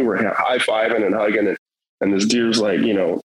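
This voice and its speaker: A man's voice: lowish voice, steady tone, moderate pace, rough recording. A middle-aged man telling a hunting story in casual, rambling, earnest talk, with many fillers and restarts.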